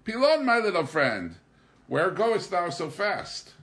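A man putting on a loud, coaxing young drifter. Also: sing-song, slow, exaggerated voice. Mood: exuberant. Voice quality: theatrical, high and loud. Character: exuberant scheming young male drifter, coaxing.

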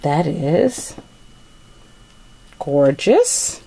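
A woman's voice: lowish voice, expressive, slow pace, a little mellow, a little hiss or hum. A middle-aged woman chatting casually while unboxing a gift package, gushing with thanks over each item. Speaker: vlogger opening a gift package.

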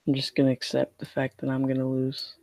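A man's voice: mid-range voice, monotone, fairly quick, gravelly, a little mellow, no echo. A young man streaming a card game, complaining in a whiny, mock-scared way. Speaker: gaming streamer.

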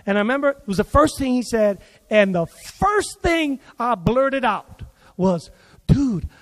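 A man preaching a sermon at a church service, telling a childhood story in an animated way and acting out the other people in it. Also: very high voice, a little slow. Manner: animated, acts out quoted voices. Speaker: pastor. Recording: long hall reverb.

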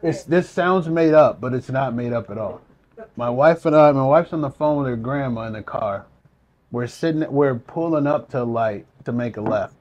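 A man casually telling a story to friends, animated and laughing, acting out what others said. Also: medium pitch, moderate pace, lo-fi sound. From US Midwest. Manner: animated, laughing, swearing, acts out quotes. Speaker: storyteller in a group chat.

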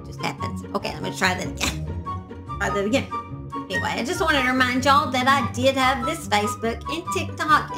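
A woman hosts a casual true crime vlog from her backyard shed. She talks in a chatty, rambling way and drifts off topic easily. Her voice sits a little high, with soft music playing faintly behind her.

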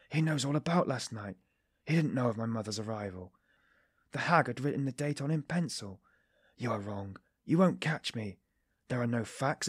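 Tormented young student in an audiobook, read by a male narrator; husky, restless, suspicious, his pitch swinging. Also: no room sound, clean studio sound. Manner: agitated inner monologue, swinging between shrill and muttered. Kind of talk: audiobook character voice.

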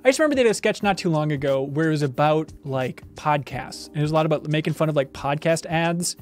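A man's voice: fairly high pitch, quick pace. A man hosting a live video game trivia stream, announcing answers in an upbeat, game-show way.

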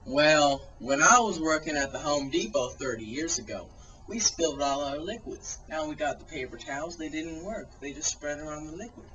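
A man in a comedy sketch playing a street interviewee, goofy and switching between squeaky and gruff voices. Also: lively intonation, normal speed, bright, forceful tone, highs cut off.

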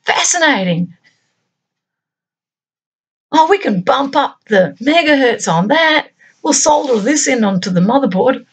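A woman's voice: high voice, animated, a little slow, long pauses, breathy edge, voice pushed up, full character voice. A woman putting on the voice of an eager young girl who is thrilled by electronics and exclaims breathlessly over each part. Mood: gushing.

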